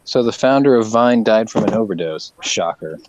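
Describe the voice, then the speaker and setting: A man's voice: fairly low pitch, normal speed, background noise. A man hosting a casual online lobby and telling profane family stories, voicing the people in them as he goes. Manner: storytelling, profane, animated quoting. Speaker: lobby host. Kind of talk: casual chat.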